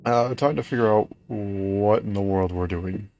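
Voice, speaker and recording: A man's voice: on the low side, unhurried, gravelly, a little mellow, dull audio, a little hiss or hum. A man streaming a video game, talking to himself in a puzzled, self-mocking way as he plays. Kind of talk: let's-play commentary. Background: faint game music.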